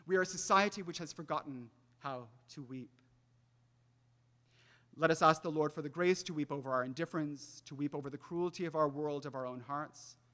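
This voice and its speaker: A young man giving a faith talk, telling a personal story in an earnest way and often dropping to a soft hush. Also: a little high, moderate pace. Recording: long hall reverb.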